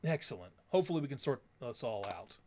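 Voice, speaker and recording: A man's voice: medium pitch, very animated, fast talker, a little mellow, a little hiss or hum, close to an everyday voice. A man playing a polite, earnest husband. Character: polite anxious middle-aged husband, earnest.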